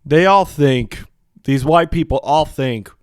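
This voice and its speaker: A man's voice: a little high, slow pace, clean tone, dry recording, studio quality. A man hosting a solo podcast, reading out news and then ranting in a heated, profane, outspoken way, rambling with many restarts. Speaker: podcast host.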